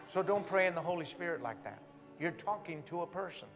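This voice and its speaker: High-pitched, bright-voiced male preacher. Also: brisk, soft background music. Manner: animated, shifts from hushed to loud exhortation; leads the congregation in call-and-response. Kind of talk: sermon. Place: church.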